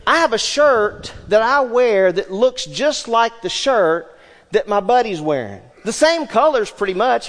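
A pastor delivers his sermon with animated swings between loud emphasis and hushed asides. His voice sits a little high for a man. The church hall adds a long reverb behind every phrase.

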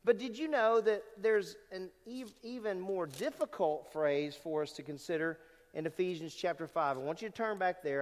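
A pastor with a high, slightly mellow voice preaches in a church sanctuary, speaking conversationally and posing questions to the congregation. The church hall's long reverb hangs on the recording.

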